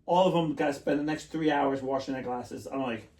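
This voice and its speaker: A man's voice: medium pitch, a little fast, a little mellow. A man co-hosting a podcast in casual chat, rambling and laughing often, trailing off mid-sentence. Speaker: podcast co-host. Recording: roomy, distant mic.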